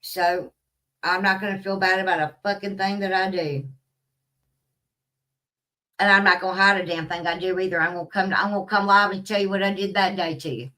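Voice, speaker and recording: Woman vlogger, casual rant, bright and slightly high, swears freely, distant from the mic. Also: fairly even intonation, fairly quick, long pauses. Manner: profane, blunt, rambling.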